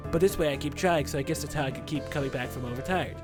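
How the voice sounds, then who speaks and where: A man's voice: medium pitch, fast, music in the background, close to an everyday voice. A man reading the lines of an odd, dreamy young woman from a visual novel in a plain voice. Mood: musing.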